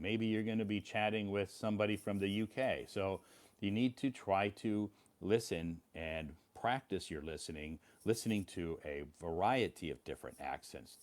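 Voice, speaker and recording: A man's voice: on the low side, a little mellow. An American man hosting a casual English-learning live stream from home, rambling and reassuring, often repeating himself. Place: his home.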